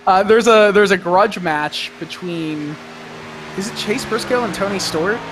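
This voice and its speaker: A man's voice: high-pitched, measured pace, very noisy. A man giving color commentary on an online race, chatty and rambling, often laughing. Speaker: sim racing color commentator.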